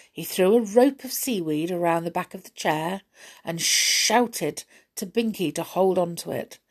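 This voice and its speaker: Woman storyteller for a children's audiobook: slow, husky, expressive. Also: fairly low pitch. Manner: expressive, deliberate.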